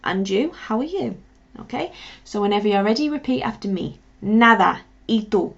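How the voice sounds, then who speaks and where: A woman teacher leads a beginner lesson in an encouraging way, spelling words letter by letter and pausing for drills. Her voice has a gravelly edge. The recording is dull and lo-fi. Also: fairly high pitch, animated, a little mellow. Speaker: language teacher. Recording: dull lo-fi sound.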